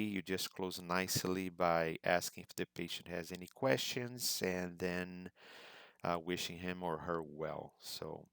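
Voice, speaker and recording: A man with a very low, gravelly voice explains a language test task step by step. His tone is reassuring and instructional, with a few ums along the way. The sound is dry and close. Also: a bit bright, dry recording. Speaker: English test prep teacher. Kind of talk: instructional presentation.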